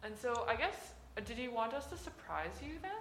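Woman host, halting and filler-heavy, faint noise behind. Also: on the high side, sing-song, fairly bright tone. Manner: hesitant, filler-heavy, thoughtful. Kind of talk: casual interview chat.

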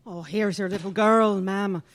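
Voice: medium pitch, fairly even intonation, a little slow, natural voice. An actor playing a chatty male police lieutenant who tells things in a breezy, slangy way. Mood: brash. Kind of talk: audio drama acting.

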